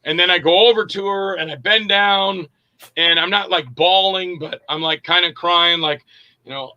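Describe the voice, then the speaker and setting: A man's voice: high-pitched, normal speed, dry recording, dull audio. A middle-aged man, an actor and director, casually telling stories in an interview and acting out quoted dialogue with plenty of fillers. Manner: animated, acts out quoted dialogue, frequent fillers.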